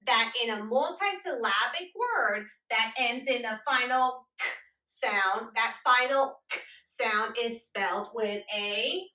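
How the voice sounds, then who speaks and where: A woman teaching a children's phonics lesson, speaking slowly and deliberately and sounding out words, recorded with a roomy echo from a distance. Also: on the high side, animated, pushed and bright. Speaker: literacy teacher.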